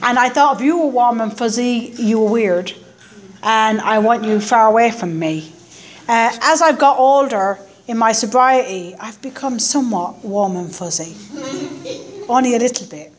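A woman's voice: fairly high pitch, moderate pace. Wry Irish woman telling her story. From Ireland. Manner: wry, self-deprecating storytelling with acted quotes. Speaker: guest speaker. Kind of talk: personal story talk at a recovery meeting. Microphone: stand microphone.

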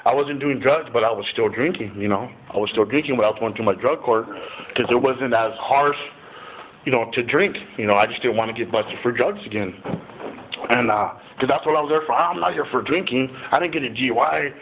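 A man's voice: medium pitch, brisk. Man rambling through a story on a tinny line. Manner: profane, rambling, heavy on "you know" fillers. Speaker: speaker sharing a recovery story. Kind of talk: casual personal storytelling. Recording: tinny phone-like recording with faint hiss.

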